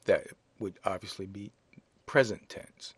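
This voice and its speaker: A man teaching a French lesson in English, explaining grammar slowly and spelling out words letter by letter. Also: low voice, very noisy. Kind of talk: slow classroom explanation.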